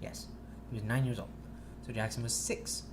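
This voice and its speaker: A man's voice: mid-range voice, normal speed, noisy background. Young man telling a profane, rambling story. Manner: rambling, profane, animated retelling. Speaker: podcast co-host. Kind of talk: casual storytelling chat.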